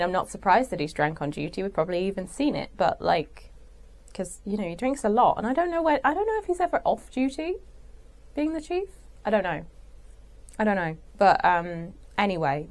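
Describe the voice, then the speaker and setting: A young woman hosting her own channel, ranting about a TV character in a sarcastic, exasperated way, swearing freely and rambling through asides and restarts. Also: on the low side. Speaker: channel host. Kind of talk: ranting commentary.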